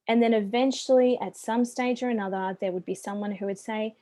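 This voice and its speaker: Brief: Australian woman, middle-aged business coach, warm mellow voice, chatty and upbeat, dry close sound. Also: medium pitch, fairly even intonation, fairly quick, few pauses, no room sound. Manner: chatty and upbeat, with friendly asides. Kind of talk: business presentation.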